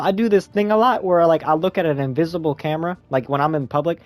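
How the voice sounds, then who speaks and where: Talking fast with few pauses, a young man reviews a movie in a loose, slang-heavy, rambling chat, switching to a squeaky high voice to quote himself. There is no room sound in the recording.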